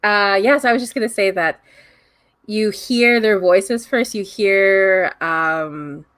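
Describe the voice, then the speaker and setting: A woman running a tabletop game as game master, lively and quick to laugh, speaking into an online call mic. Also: mid-range voice, no room sound.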